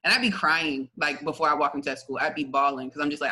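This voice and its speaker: A young woman gives her faith testimony in a casual interview, talking in a loose, chatty way. Her voice is very bright and forceful, and she breaks into laughter often. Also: low voice, fast, few pauses, slightly rough, poor audio. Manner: lively, chatty, laughs often, many fillers. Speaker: guest sharing her testimony.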